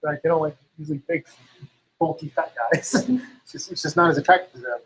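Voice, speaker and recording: A man with a fairly high, slightly rough voice talks briskly in a casual conversation captured on a low-quality recording. His speech wanders, packed with "like" and "you know," and he performs what others said in quoted voices.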